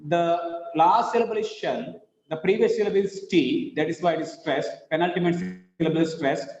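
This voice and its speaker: A high-voiced man teaches word stress, spelling words letter by letter and repeating each one slowly. His voice rings in a roomy space with a long tail of reverb. The sound is dull and lo-fi. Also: steady tone, a little mellow. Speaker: English teacher. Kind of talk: online pronunciation lesson. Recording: echoey room, dull lo-fi sound.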